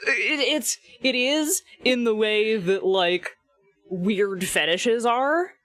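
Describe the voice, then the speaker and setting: A woman's voice: a little high, slow, a bit bright, no echo. Chatty woman host, casual and profane, close mic in a studio. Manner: chatty, swears, filler-heavy, laughs often. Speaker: podcast host. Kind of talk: casual chat.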